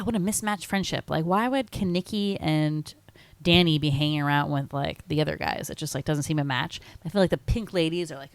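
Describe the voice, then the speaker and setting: Woman, low voice, casual chatty podcast host, dry close recording. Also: dry recording. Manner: bubbly, says "like" a lot, quotes film lines in put-on voices. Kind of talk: casual chat.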